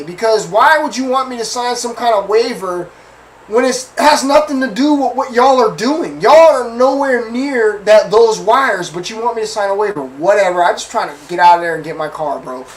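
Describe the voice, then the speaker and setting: Profane man telling an animated story. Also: high-pitched, normal speed, far from the mic, a little hiss or hum, poor audio. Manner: animated, profane, repeats phrases and asks the listeners for agreement. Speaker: podcast host. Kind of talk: casual storytelling rant.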